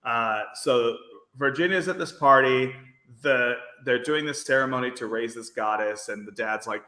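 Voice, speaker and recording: A man's voice: mid-range voice, normal speed, sharp tone, echoey room. A man with a faint Brooklyn accent, co-hosting a podcast and recapping an episode in a rambling, filler-heavy casual chat. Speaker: podcast co-host.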